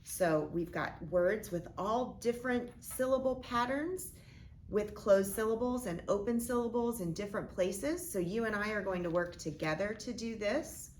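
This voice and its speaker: A woman teacher modeling a phonics lesson, speaking slowly and deliberately as she sounds out each part of a word. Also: medium pitch, slight background noise. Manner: slow, deliberate, sounding out words.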